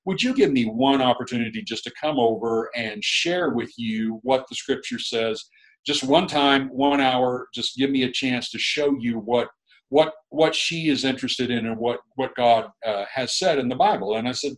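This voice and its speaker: A man's voice: medium pitch, moderate pace, poor audio. A middle-aged man, a guest minister, telling a long story in a rambling, chuckling, casual way with many restarts.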